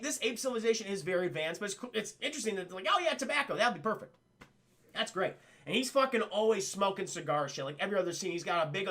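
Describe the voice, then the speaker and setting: On a live stream, an excitable man with a high-pitched voice swears his way through a film review. As he walks chat through the scenes, he voices the characters quickly.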